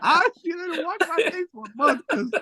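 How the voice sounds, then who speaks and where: In an interview, a middle-aged man who plays music tells stories in a relaxed way at a moderate pace, with no echo on the recording. His delivery is animated, and he performs other people's words with sharp pitch jumps.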